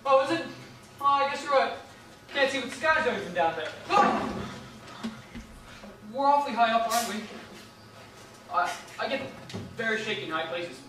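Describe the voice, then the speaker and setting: A man's voice: very high-pitched, animated, normal speed, pauses often, sharp tone, heavily acted. A young man playing a nervous, blustering city policeman in a school stage play. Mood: flustered. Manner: blustering, flustered, rambling. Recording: echoey stage from far off.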